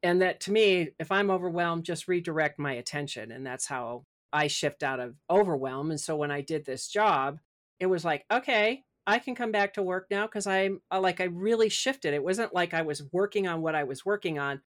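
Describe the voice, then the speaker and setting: Speaking at a normal speed in a low voice, a middle-aged woman author joins a podcast for a relaxed conversation about spirit and personal growth. She gets animated and dramatizes her inner voice as she talks.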